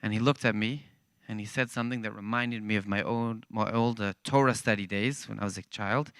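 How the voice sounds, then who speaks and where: A man giving a church talk as animated, conversational storytelling. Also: on the low side, a little fast, clear, resonant tone, no room sound. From Israel. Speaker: guest speaker. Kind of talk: storytelling testimony.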